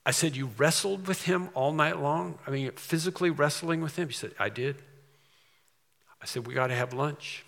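A man's voice: on the high side, moderate pace, vocal fry, a bit bright, in a large hall. A man preaching a sermon as a pastor, earnest and emphatic, with storytelling asides.

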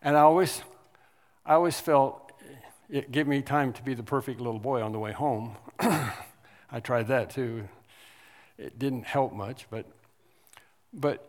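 A man preaching a sermon in an earnest, conversational way, pressing hard on key words before dropping back to a quieter tone. His voice carries a long hall reverb around it. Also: medium pitch, unhurried, long pauses. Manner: earnest, rises to emphatic stress on key words, with frequent restarts.

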